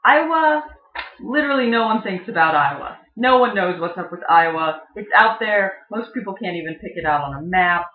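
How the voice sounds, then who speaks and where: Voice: mid-range voice, animated, moderate pace. A presenter casually explaining regional differences, talking with lots of ums and uhs and imitating how words are pronounced in different places. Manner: chatty, filler-heavy, mimics regional pronunciations. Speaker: video presenter. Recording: dull, echoey home recording.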